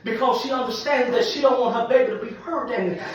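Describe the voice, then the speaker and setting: A man, preaching an impassioned sermon that repeats phrases and swells into shouts. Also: extremely high pitch, quick pace, dull audio. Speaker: pastor. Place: large church sanctuary. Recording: echoey church hall from far off.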